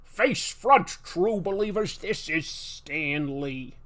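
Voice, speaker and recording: A booming old comic-book showman in his seventies, as a man puts him on, stretching his words to hype up his fans. The voice sits fairly high and stays full of showmanship. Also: lively intonation, a bit bright. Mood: exuberant. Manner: booming, drawn-out showman delivery.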